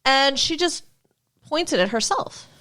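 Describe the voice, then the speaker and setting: Woman cohost, sarcastic and chatty, fairly high voice that jumps around a lot. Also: expressive, measured pace, sharp tone. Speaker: podcast co-host. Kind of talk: casual recap chat.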